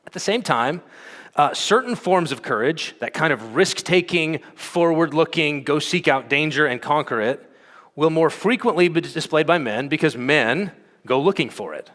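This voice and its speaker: A man's voice: a little high, animated, normal speed, a bit bright. Guy giving a conference talk, chatty with lots of ums, voice echoing around a big hall. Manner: conversational, frequent fillers and "okay?" check-ins. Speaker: conference speaker. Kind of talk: teaching talk. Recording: long hall reverb.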